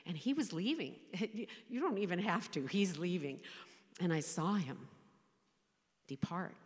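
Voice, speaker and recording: A woman in her sixties, a chaplain, giving an emotional personal faith testimony, speaking haltingly and often dropping to a whisper. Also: sits low, lively intonation. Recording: long hall reverb.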